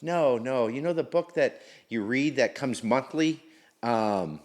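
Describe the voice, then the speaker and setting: A man's voice: medium pitch, expressive, slow. A middle-aged man, a guest in an interview, telling his story candidly in casual talk, full of slang and curse words. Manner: candid, slangy, swears freely.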